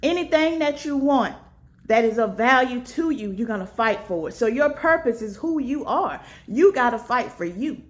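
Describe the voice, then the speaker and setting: A woman's voice: expressive, moderate pace. A woman vlogger speaking earnestly in a casual, preachy way, encouraging her viewers to fight for themselves. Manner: preachy and earnest, acts out little dialogues with big pitch jumps. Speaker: motivational vlogger.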